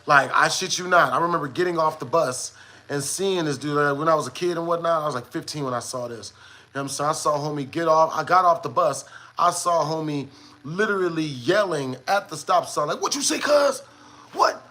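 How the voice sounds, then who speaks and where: A man's voice: a little high, fairly quick, sharp tone. A man and gaming streamer telling a casual story in a rambling, slangy way, full of "you know what I'm saying" fillers.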